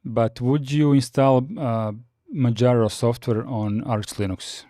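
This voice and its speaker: Mellow-voiced man teaching on a live stream. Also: mid-range voice, measured pace, no room sound, studio quality. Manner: steady and explanatory, with frequent "uh" fillers. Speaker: Linux course host. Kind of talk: live-streamed lesson, reading notes and chatting with viewers.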